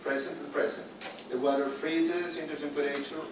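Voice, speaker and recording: A male student reading sentences aloud in class in a halting, careful way. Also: on the high side, flat delivery, background noise. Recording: echoey room, far from mic.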